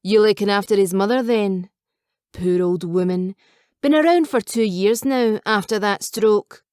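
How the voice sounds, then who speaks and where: A woman's voice: medium pitch, a little slow, a little mellow, clear, resonant tone, dry recording, clean studio sound, natural voice. Jovial old cabbie guy in an audiobook, teasing and chatty, lady narrator doing him. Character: jovial elderly male taxi driver.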